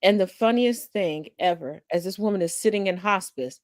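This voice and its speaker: A woman hosting a casual chat, telling a family story with animated energy, acting out her relatives and swearing freely. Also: medium pitch, normal speed, dry recording, clean studio sound. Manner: animated storyteller who acts out family members. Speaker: host.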